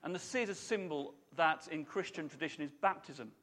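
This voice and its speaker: A man preaching a sermon to a congregation in a lively, chatty way, putting questions to his listeners. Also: fairly high pitch, a little fast.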